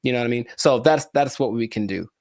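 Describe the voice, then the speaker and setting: A man's voice: mid-range voice, quick pace, darkish tone, dry recording. A young man co-hosting a podcast, chatting casually with joking, mock-dramatic asides. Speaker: podcast co-host. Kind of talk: casual chat.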